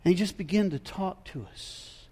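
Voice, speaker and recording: A man voicing a breathless male traveler, rushing to tell his news loudly. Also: sits high, husky. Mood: breathless excited. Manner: loud, rushed storytelling.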